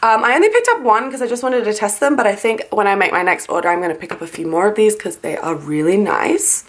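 A young woman talks casually and enthusiastically, piling up compliments about everything she shows. Her voice sits at an ordinary middle pitch. There is a sleepy, just-woke-up edge to her chat, with plenty of likes and ums. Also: animated, fast. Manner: gushing, enthusiastic, chatty with many likes and ums. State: sleepy, yawning. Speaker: planner sticker haul vlogger. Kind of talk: casual haul video chat.

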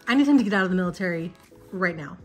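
A woman's voice: on the low side, expressive, very fast, faint music behind. Gushing young woman unboxing fan merch. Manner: gushing, emotional, chatty fan talk. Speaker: vlogger. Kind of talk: casual unboxing chat.

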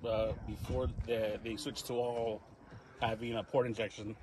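A man at an outdoor campsite chatting casually about his truck, relaxed and full of fillers. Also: lowish voice, moderate pace, a crowd in the background. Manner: relaxed, talks shop with filler words. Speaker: camper showing his truck. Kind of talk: casual chat.

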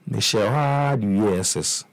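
A man's voice: fairly low pitch, slow pace. A young Ghanaian man with a Ghanaian accent, telling his life story in a casual interview and mixing English with Twi, with many restarts. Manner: mixes English and Twi, frequent restarts and repeated words. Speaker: musician guest.

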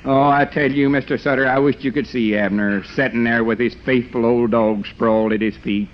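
A man's voice: medium pitch, steady tone, moderate pace, natural voice. A man doing a blustering old country storekeeper. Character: older rural male storekeeper, boastful fast talker. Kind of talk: 1940s radio comedy acting. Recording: dull noisy old radio recording.

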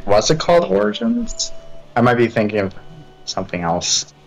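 A man's voice: medium pitch, wildly swooping pitch, normal speed, creaky, poor audio. A man talking casually about video games with friends, easygoing and a little jokey. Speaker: gaming group member. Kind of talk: casual gaming chat.

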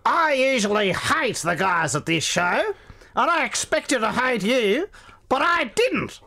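A man's voice: extremely high pitch, very animated, measured pace, sharp tone, voice pushed up, heavily acted. A man putting on an older rural Australian man with an Australian accent who talks bluntly and grudgingly.

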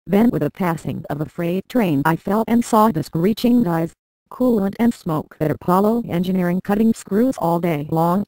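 A computer-generated woman's voice reading a memoir aloud in a flat, synthetic way with odd word stresses. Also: lowish voice, dry recording, rough recording. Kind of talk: text-to-speech narration of a memoir.

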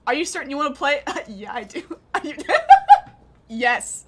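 Casting: high, lively female streamer, chatty and excitable, laughs a lot. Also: a little fast, heavy background noise. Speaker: gaming streamer. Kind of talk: casual live gameplay commentary.

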